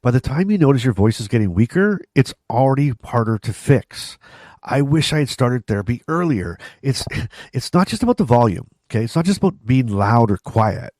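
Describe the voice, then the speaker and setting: A man's voice: mid-range voice, a little mellow, no room sound, clean studio sound. A middle-aged man hosting a vlog, talking casually and directly to viewers, with frequent restarts and asides. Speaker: vlog host. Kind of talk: casual talk to camera.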